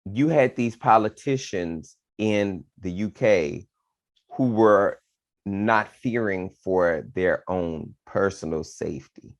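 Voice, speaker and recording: A man's voice: low voice, takes it slowly, no echo. A man co-hosting a podcast, casually and animatedly talking politics with playful asides to his co-host.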